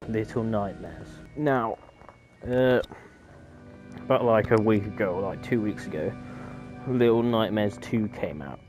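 Man, lowish voice, casual gameplay commentary, jumpy and joking, game music underneath. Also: unhurried, long pauses, darkish tone. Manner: jokey, easily startled, chatty. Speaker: gaming YouTuber. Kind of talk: casual let's-play commentary.

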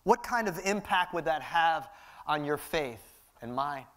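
High-voiced impassioned male preacher. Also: expressive, unhurried, a bit bright. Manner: impassioned, repetitive preaching cadence. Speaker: pastor. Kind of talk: sermon. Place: church sanctuary.

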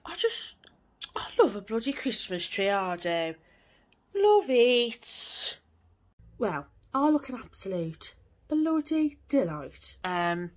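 A woman, chatting casually and rambling on in a home vlog from her living room. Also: on the high side. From England. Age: 20s. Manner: chatty, rambling, swears lightly. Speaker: vlogger.

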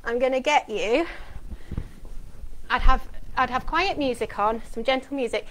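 A middle-aged woman with a somewhat high voice, speaking as an occupational therapist. She projects clearly and explains each step calmly and practically. A faint hiss sits under the voice. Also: a little slow, poor audio. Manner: calm, practical explanations to parents. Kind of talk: instructional demonstration.

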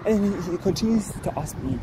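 Young guy from south africa vlogging outside, animated storytelling, street noise all around him. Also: high voice. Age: young adult. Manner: animated, acting out dialogue in quick bursts. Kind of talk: casual storytelling vlog.

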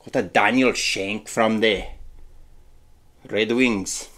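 A man's voice: fairly low pitch, steady tone, takes it slowly, a bit bright. A man chatting casually as he opens and reads out old trading cards, musing aloud with small hums. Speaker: card-opening vlogger. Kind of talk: casual unboxing chat.

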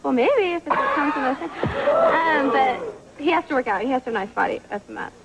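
A woman's voice: sits high, lively intonation, fast, heavy background noise. A woman contestant on a dating show, giggly and rambling.

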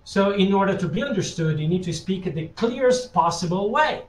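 A man's voice: high voice, animated, moderate pace, roomy sound, rough recording. A man giving a live webinar as a language teacher, who reads out viewers' questions and keeps checking in with "yeah?" tag questions. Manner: reads out chat questions and answers them directly.

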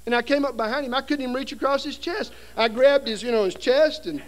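A man's voice: very high-pitched, fast. A middle-aged man preaching at a seminary seminar, telling a story with humor and acting out voices and sounds. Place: seminary hall before an audience.

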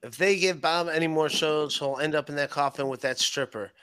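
A man's voice: fairly high pitch, brisk, bright, forceful tone, clean tone, no echo. A man co-hosting a podcast in casual chat, cracking jokes and reading out viewer messages. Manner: wisecracking, reads chat messages aloud. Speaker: podcast co-host reading super chats.

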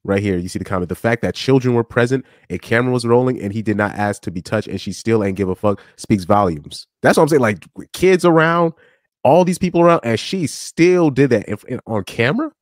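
A man giving casual reaction commentary on a live stream clip, animated, with stammering restarts and frequent laughs. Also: medium pitch, a little fast, no room sound, studio quality.

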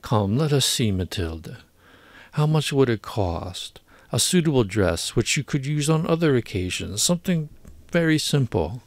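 A man's voice: mid-range voice, very animated, normal speed, no echo, pitched above the performer's own voice. A man reading the part of an anxious husband, a humble clerk who coaxes and frets. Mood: soothing.

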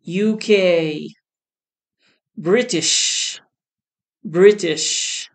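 Woman english teacher, real slow, says every word twice, lowish voice. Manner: says each word twice, slowly and clearly. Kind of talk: slow beginner English lesson, repeating words.

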